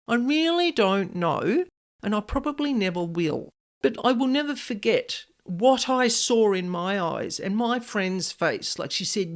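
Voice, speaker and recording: A woman hosting a podcast, telling a personal paranormal experience in a casual, expressive way with many "like" fillers. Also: medium pitch, unhurried. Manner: animated, expressive, frequent "like" fillers. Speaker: podcast host, paranormal specialist. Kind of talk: casual storytelling monologue.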